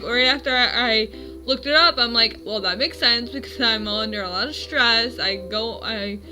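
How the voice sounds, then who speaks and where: A woman's voice: a little high, pushed and bright, poor audio. A woman in her twenties at home, telling her dreams in a rambling, self-correcting casual vlog. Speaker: vlogger.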